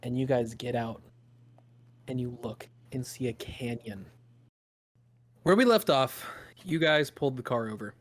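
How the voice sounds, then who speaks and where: A man's voice: medium pitch, normal speed. A man narrating a tabletop game as game master, in a loose, improvised storytelling way with fillers.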